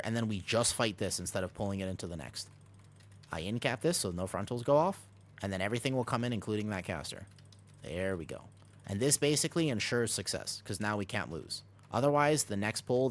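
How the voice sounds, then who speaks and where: A man commentating his own game from a home streaming room, his voice rising and falling a lot as he reacts to the action. His voice sits on the low side, and he switches between coaching teammates and chatting with viewers. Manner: talks fast over gameplay, jumps between coaching and chatting. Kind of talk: live gameplay commentary and chat.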